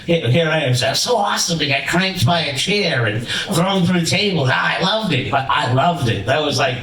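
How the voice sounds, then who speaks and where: A man giving a rambling, animated storytelling speech at a ceremony in a lodge hall. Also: on the high side, moderate pace, a loud crowd. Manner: rambling, animated, many restarts. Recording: roomy hall from far off.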